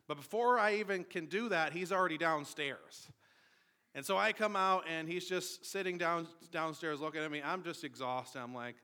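Bright-voiced pastor telling a story. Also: male voice, on the high side, moderate pace. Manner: conversational storytelling with many fillers and restarts. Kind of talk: sermon with personal story.

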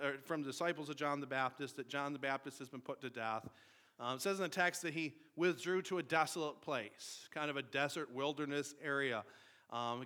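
A man's voice: a little high, pushed and bright. A man in his thirties preaching a sermon, reading scripture and then telling a casual personal story with fillers and restarts. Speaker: pastor.

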